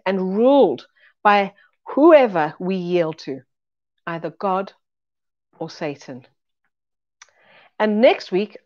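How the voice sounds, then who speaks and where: A woman's voice: medium pitch, highs cut off. A woman giving a weekly Bible teaching, earnest and conversational, retelling stories to make her point. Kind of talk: recorded teaching talk.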